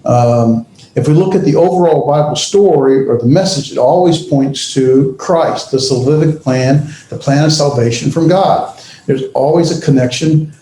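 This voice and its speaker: A man teaching a class on biblical languages, lecturing with frequent fillers, pauses and self-corrections. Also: mid-range voice, warm tone, echoey room, slight background noise, low-quality recording. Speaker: Bible language instructor.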